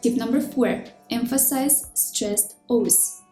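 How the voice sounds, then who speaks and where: A woman giving scripted, clear and measured pronunciation lessons, slowing down to demonstrate sounds. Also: a little high, mellow. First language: Russian. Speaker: language teacher. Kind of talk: scripted instructional narration. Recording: roomy echo with faint background music.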